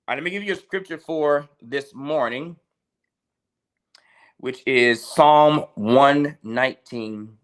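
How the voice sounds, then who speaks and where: A male pastor speaks at an everyday pitch, leading a relaxed livestream devotional. He keeps a chatty, conversational tone and breaks off to greet viewers by name. He repeats his key lines slowly for emphasis. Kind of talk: casual livestream devotional sermon.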